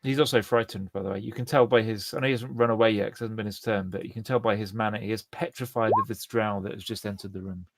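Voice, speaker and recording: A man in his twenties or thirties, running a tabletop game online as dungeon master, talking in a relaxed, chatty way with many fillers. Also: on the low side, fast, few pauses.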